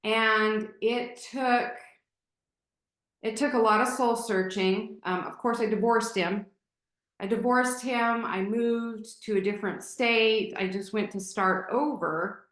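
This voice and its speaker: A woman's voice: fairly high pitch, fairly even intonation, slow, a bit bright. A woman guest telling a personal story candidly and emotionally, with many fillers and restarts. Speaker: podcast guest. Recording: roomy echo.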